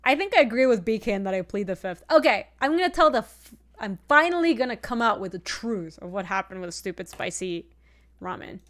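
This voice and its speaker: A young woman streamer chatting casually while playing a card game, telling an animated story with laughing asides. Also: mid-range voice, brisk. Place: home streaming setup.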